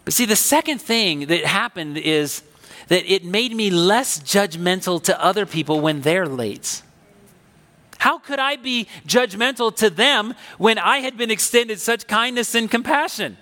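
A man preaching a sermon, telling a personal story in a conversational, animated, emphatic way. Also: sits high, measured pace, in a large hall. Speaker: pastor.

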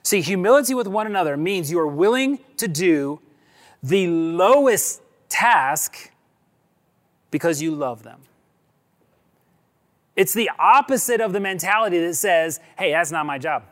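A male pastor preaching a sermon in a conversational way, stretching key words and dropping low at the ends of phrases. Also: expressive, unhurried, pauses often.

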